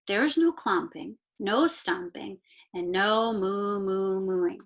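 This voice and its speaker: A woman reading as a firm, hushed farmer. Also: medium pitch, expressive. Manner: slow, hushed and firm when stating rules. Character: kindly male farmer laying down strict rules. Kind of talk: read-aloud storytime.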